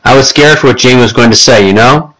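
A man's voice: mid-range voice, fast, a bit bright, lightly acted, poor audio. A man voicing a stern, caring babysitter. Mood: earnest. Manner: scolding, firm.

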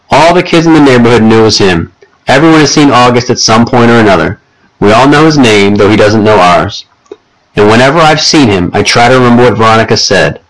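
A man's voice: on the low side, fairly bright tone, poor audio. Man narrating a first-person story. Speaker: audiobook narrator.

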